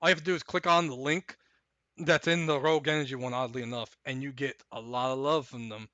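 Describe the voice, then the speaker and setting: A man's voice: medium pitch, fairly even intonation, fast talker, bright, forceful tone, no echo. A man streaming live, chatting casually, rambling and getting exasperated, repeating himself.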